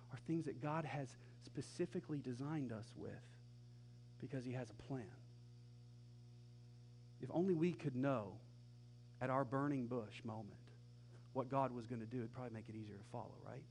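Brief: male pastor mid-sermon, relaxed and conversational, lively when he acts out quotes. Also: medium pitch, normal speed, a little hiss or hum.

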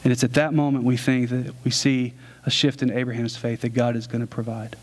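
A male pastor delivering a sermon with a mid-range voice. He tells the story in relaxed, everyday phrasing, like talking to friends, and then slows into plain, earnest teaching. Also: medium pitch. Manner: casual conversational storytelling.

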